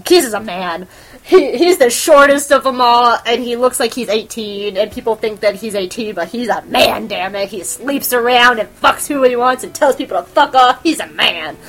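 Brief: excitable woman host, casual chat, laughs and swears freely. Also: medium pitch. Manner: animated, giggly, profane fangirl gushing. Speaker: podcast host.

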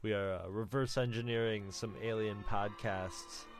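A man's voice: on the low side, steady tone, moderate pace, soft background music. A man co-hosting a casual podcast, bantering with wry jokes. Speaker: podcast co-host.

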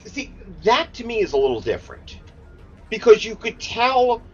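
A man's voice: high-pitched, wildly swooping pitch, normal speed, over music. A man chatting casually on a podcast, opinionated and emphatic, swearing freely. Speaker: podcast co-host. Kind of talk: casual chat. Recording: dull lo-fi sound.

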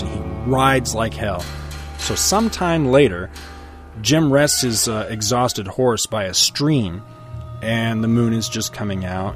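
A middle-aged man retells a western comic panel by panel in a relaxed, chatty storytelling way, dropping his own asides. His voice sits lowish. Faint music plays behind. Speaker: comic book reviewer. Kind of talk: casual comic book recap.

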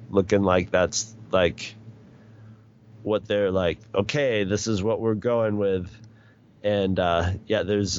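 A middle-aged man in casual chat, rambling along with many restarts and chuckles. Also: on the low side. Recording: dull lo-fi recording.

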